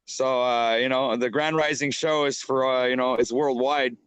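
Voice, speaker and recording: A man's voice: medium pitch, steady tone, normal speed, fairly bright tone, clear, resonant tone, dry recording. A man talking as a guest on a live stream, hesitant and heavy with fillers. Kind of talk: casual chat on a call.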